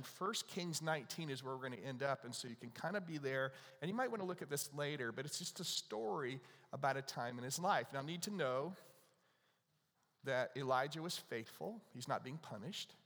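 A man's voice: on the high side, lively intonation, a little fast, a bit bright, big-room sound. A man preaching a sermon to a congregation, talking to them in a conversational way and asking them questions. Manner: conversational, asks the audience questions. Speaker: pastor.

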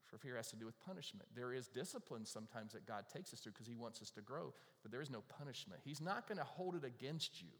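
A man's voice: medium pitch, brisk. A man preaching a sermon to a congregation, talking conversationally, asking the audience questions and acting out worried prayers. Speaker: pastor. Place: church with audience. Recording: long reverb of a large hall.

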